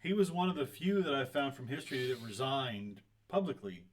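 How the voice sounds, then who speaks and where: A man's voice: medium pitch, brisk. A man co-hosting a podcast in casual chat, chiming in with short agreements and questions. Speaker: podcast co-host.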